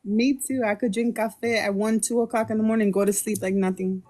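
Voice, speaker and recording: A woman's voice: mid-range voice, steady tone, brisk, mellow. A woman hosting a tarot livestream, chatting in a bubbly way, greeting viewers by name and mixing in Spanish words. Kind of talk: casual livestream chat. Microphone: phone livestream.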